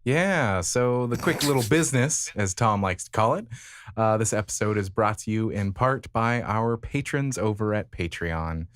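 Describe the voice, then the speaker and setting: A man's voice: lowish voice, expressive, moderate pace, a bit bright. A man co-hosting a podcast, reading a sponsor note and introducing guests. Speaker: podcast co-host. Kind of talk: casual chat.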